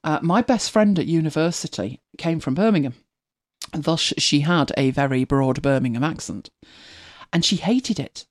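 A middle-aged host from Manchester, England, speaks in a low, darkish voice with lively intonation at normal speed. Her mild Manchester accent colors a rambling, laugh-filled casual chat as she reads listener comments.

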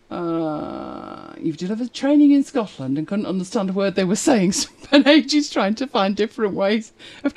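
A woman hosts a live stream, reading viewer comments and drifting into stories of her own. Her pitch swings widely and she laughs often. The whole thing sounds like an easy, casual chat. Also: a little mellow. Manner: chatty storyteller, laughs often.

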